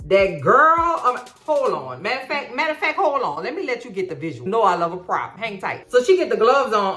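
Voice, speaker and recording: A woman in her forties giving an animated, sassy, slang-filled comedic recap of a TV series. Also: fairly high pitch. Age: 40s. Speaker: recap vlogger. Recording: echoey room with faint music.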